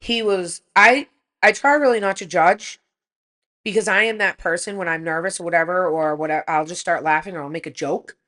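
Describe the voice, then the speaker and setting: Mom in her 40s on a podcast, low-ish voice, animated storytelling, swears a lot. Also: moderate pace. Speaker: podcast co-host. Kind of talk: casual chat.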